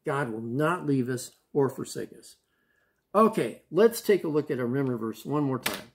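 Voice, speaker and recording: A man's voice: medium pitch, lively intonation, moderate pace. A man teaching children a Bible lesson in a casual, upbeat way, often asking them questions.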